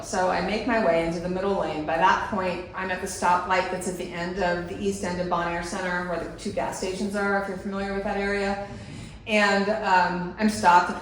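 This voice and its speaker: A middle-aged woman telling a story on stage, animated and breaking into laughter mid-sentence. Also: fairly high pitch, slight background noise. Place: large hall at a live event. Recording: echoey hall, picked up from a distance.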